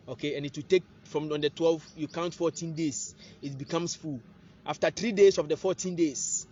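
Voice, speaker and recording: A man's voice: fairly high pitch, darkish tone, muffled recording, slight background noise. Man teaching with constant questions. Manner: rhetorical questions, prompting "what?". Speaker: spiritual teacher. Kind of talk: casual teaching monologue. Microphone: phone.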